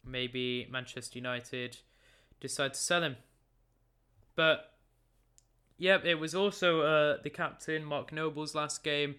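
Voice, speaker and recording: A man's voice: a little high, steady tone, slow pace, pauses often, pushed and bright, clear, resonant tone. A teenage young man casually recapping football results at his computer, chatty and joking, often stumbling over names and self-correcting. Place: room at a computer.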